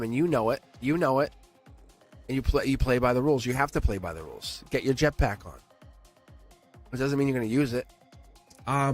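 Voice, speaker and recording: Husky-voiced man reading tarot live. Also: mid-range voice. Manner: rambling, playful, chuckles often, addresses chat directly. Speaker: tarot reader.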